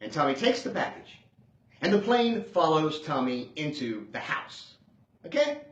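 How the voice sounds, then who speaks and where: A man doing a stand-up comedy set, sarcastic and animated, swinging between loud outbursts and hushed asides. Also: on the high side, unhurried. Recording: dull lo-fi sound in a roomy space.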